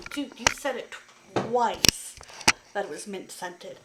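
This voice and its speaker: A woman's voice: mid-range voice, animated, takes it slowly, fairly bright tone, slight background noise. Exasperated woman vlogger in an echoey room. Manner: exasperated, ranting retelling with many "like" fillers. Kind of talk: casual storytelling to camera.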